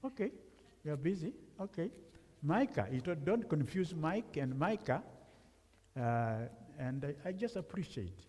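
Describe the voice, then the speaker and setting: A man's voice: a little high, big pitch swings, unhurried, a little mellow, slightly rough. Man preaching in a reverberant church. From Africa. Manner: conversational, asks the congregation questions. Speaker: guest preacher. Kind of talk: sermon with congregation questions. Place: church sanctuary.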